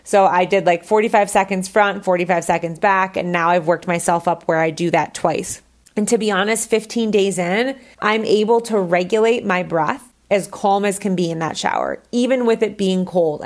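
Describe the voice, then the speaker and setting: A woman hosting her own podcast, talking casually and candidly, with lots of "like" fillers. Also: mid-range voice. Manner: chatty, candid, says "like" a lot. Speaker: podcast host.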